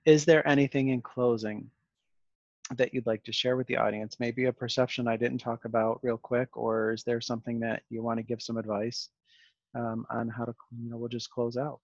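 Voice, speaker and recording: A man's voice: mid-range voice, little pitch movement, normal speed, creaky, no echo, muffled recording. A man hosting a podcast in a casual, reflective conversation, talkative and full of fillers and restarts. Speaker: podcast host.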